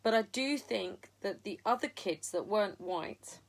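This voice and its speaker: A woman's voice: mid-range voice, lively intonation, unhurried, vocal fry. A middle-aged woman, telling a personal story on a live video diary in a frank, sweary, rambling way full of ums. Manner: frank and sweary, talks in loose run-on sentences with many ums. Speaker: video diarist. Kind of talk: candid live-stream storytelling.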